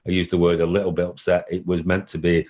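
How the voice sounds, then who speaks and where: Speaking quickly in a deep, darkish, level-toned voice, a man who heads a football club answers interview questions on a call. He is earnest, says things more than once, and becomes emotional at points.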